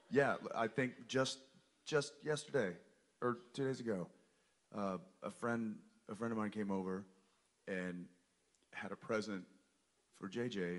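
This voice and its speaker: A man on a convention panel telling a funny family story to an audience, animated and jokey, breaking into loud mock-scolding. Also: low voice. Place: large convention hall with audience.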